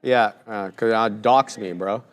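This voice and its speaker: A man's voice: on the low side, fairly even intonation, measured pace. Laid-back jokey male co-host. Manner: laid-back, jokey, enthusiastic shout-outs. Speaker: stream co-host. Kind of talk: live trading stream chat.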